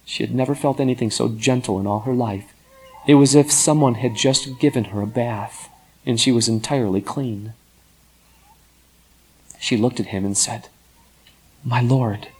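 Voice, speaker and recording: A man narrating a story in an expressive, dramatic storytelling manner. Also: mid-range voice, normal speed, pauses often, slightly rough.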